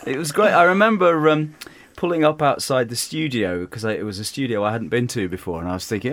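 A man's voice: mid-range voice, fast, few pauses, fairly bright tone, dry recording. An English man, a guest actor, chatting modestly and rambling with restarts. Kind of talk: casual chat.

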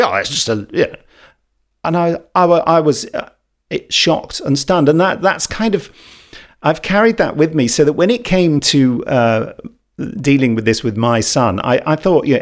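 A man's voice: fairly high pitch, normal speed. A middle-aged man with a wry, self-deprecating way of telling stories in casual chat.

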